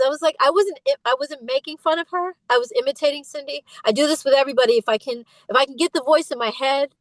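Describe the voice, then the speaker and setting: High-voiced emphatic woman, middle-aged. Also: fast talker, few pauses, no echo, low-quality recording. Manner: emphatic, impassioned, imitates voices when retelling. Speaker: interview guest, singer. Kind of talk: candid interview conversation.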